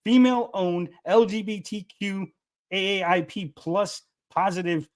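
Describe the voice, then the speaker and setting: Insistent arguing man, slightly high voice. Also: a little slow. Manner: insistent, interrupting, repeats "literally". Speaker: debater. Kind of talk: heated argument.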